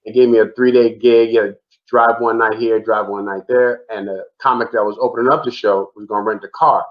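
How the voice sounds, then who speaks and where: Animated storytelling man on lo-fi audio. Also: fairly low pitch, a little fast. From the Bronx, New York. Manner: animated, repetitive storyteller saying "man" a lot. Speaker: comedian guest. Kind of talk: casual storytelling chat. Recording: dull lo-fi remote audio.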